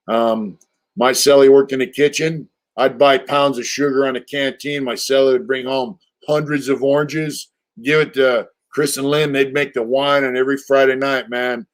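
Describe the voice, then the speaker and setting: Older man rambling through a streetwise story. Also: medium pitch. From California. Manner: rambling, loose and streetwise, full of fillers and profanity. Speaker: livestream host. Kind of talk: casual storytelling livestream.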